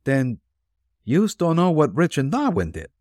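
A man's voice: on the high side, sing-song, a little fast, darkish tone, dry recording, studio quality, pitched above the performer's own voice. A man doing a detective faking a street tough. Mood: prodding. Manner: slangy, prying questions. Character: gruff male detective posing as a street tough.

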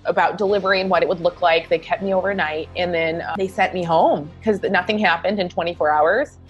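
A woman's voice: lowish voice, steady tone, fast, highs cut off, soft background music. A woman guest telling a personal story in a chatty way with many fillers, emotional at times.

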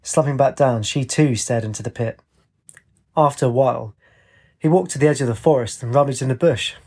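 A man reads a story aloud at an even, steady pace. His voice sits in a middle register with a husky grain to it. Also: mid-range voice, a little fast. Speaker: narrator. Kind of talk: storybook narration.

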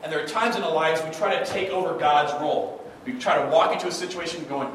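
A man gives a conversational sermon from the pulpit and keeps asking his listeners "right?". His voice is picked up from a distance, so it sounds far off. It rings through a very echoey hall over a clear layer of room noise. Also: fairly high pitch, fast talker, hardly any pauses, fairly bright tone. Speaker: pastor.

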